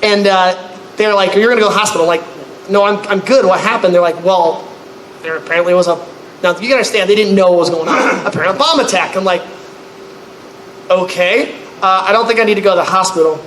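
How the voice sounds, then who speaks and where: Animated storyteller, high bright voice. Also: male voice, quick pace. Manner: animated, acts out others with loud high-pitched outbursts. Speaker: convention panelist. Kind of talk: comedic storytelling to a live audience. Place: convention panel room. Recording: echoey room, faint noise.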